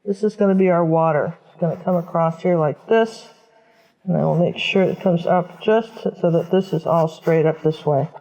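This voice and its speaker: A painting instructor with a lowish, warm voice walks through a step-by-step lesson at normal speed, chatting casually and thinking aloud as she works. The audio sounds dull.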